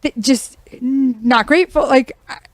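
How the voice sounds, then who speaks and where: A woman's voice: high voice, moderate pace. A woman realtor hosting a casual talk show, speaking frankly and venting her frustration. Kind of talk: casual chat.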